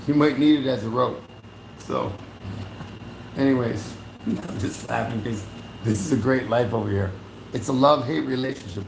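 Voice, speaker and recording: A man with a heavily gravelly, creaky voice vlogs in a loose, rambling way. He is blunt and keeps correcting himself. The room around him sounds echoey, with faint noise behind him. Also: mid-range voice, a little mellow. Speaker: vlogger. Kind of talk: rambling casual vlog.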